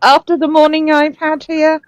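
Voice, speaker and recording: A woman's voice: high-pitched, little pitch movement, normal speed, no echo. Wry southern English woman. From southern England. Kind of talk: casual chat.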